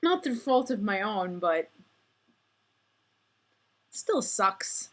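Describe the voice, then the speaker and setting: Slow-talking rambling young woman vlogger. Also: mid-range voice, sing-song, slight background noise. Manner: rambling, self-deprecating, chatty. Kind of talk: casual vlog monologue.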